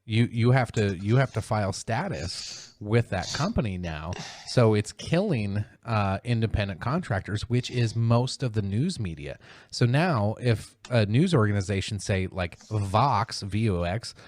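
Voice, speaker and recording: Profane rambling podcast host, dry mic. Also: male voice, expressive, unhurried, a little mellow, no room sound. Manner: profane, rambling, mocking voices with sudden high pitch jumps. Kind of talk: casual podcast chat.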